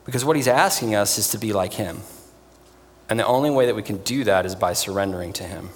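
A man preaching a sermon in an earnest, emphatic way, pausing for weight. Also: fairly low pitch, long reverb tail. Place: church.

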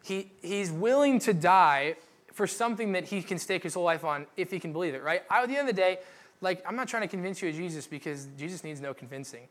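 A young adult man preaching a casual sermon, chatty and joking, with many fillers and quick asides to the congregation. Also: high-pitched, animated, fairly bright tone. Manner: chatty, joking, lots of "like" and "right?". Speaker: pastor.

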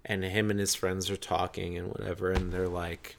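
A man's voice: deep voice, creaky, a little hiss or hum. A man in casual conversation, telling a long funny story and acting out the people in it. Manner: slow, animated storytelling with quoted voices. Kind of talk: casual chat.

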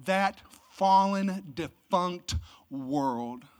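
A pastor preaching a Christmas sermon, swinging from loud, emphatic exclamations to low, hushed delivery. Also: expressive, drawn-out words. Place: church service.

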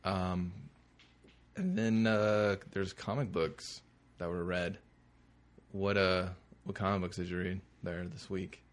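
A man's voice: low-pitched, steady tone, slow, pauses often. A man co-hosting a podcast in casual chat, rambling and hesitant with lots of fillers. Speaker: podcast co-host.

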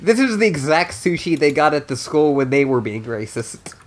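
A podcast co-host chatting casually, rambling with lots of likes and quick jokes. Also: medium pitch, big pitch swings, very noisy. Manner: jokey, rambling with many likes. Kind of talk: casual chat.

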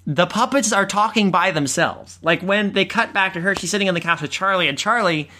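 A co-host in a casual movie discussion, talking with a joking, riffing manner and quick asides. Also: mid-range voice, pushed and bright, slight background noise. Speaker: podcast co-host.

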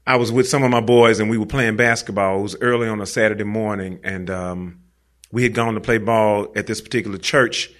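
A man's voice: on the low side, steady tone, brisk, fairly bright tone. Slangy man telling a story on stage. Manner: casual slangy conversational telling, talks straight to the audience. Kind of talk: live personal storytelling on stage.

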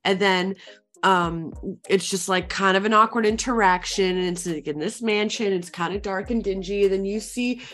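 A woman's voice: mid-range voice, normal speed, a bit bright. A young woman casually retelling a movie plot to friends, rambling with lots of fillers and the odd swear. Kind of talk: casual chat.

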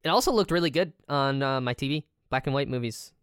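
Very low-voiced laid-back woman. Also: lively intonation, quick pace, clean tone, no echo, studio quality. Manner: laid-back, drawling, lots of filler words. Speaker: podcast co-host. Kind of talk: casual chat.

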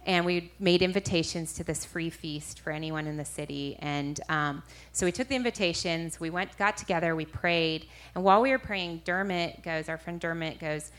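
A woman's voice: lowish voice, moderate pace, fairly bright tone. A woman minister giving a personal testimony to an audience, storytelling animatedly with frequent self-corrections. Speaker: street minister.

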